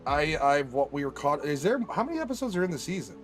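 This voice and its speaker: A man co-hosting a casual chat, joking in an animated, profane way. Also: fairly high pitch, fast, faint music behind.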